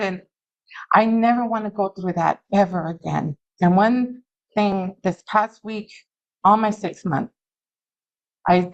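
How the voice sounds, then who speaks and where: A middle-aged woman giving an earnest, halting personal recovery testimony at a meeting. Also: mid-range voice, highs cut off. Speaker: alumni speaker at a recovery meeting. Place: meeting room.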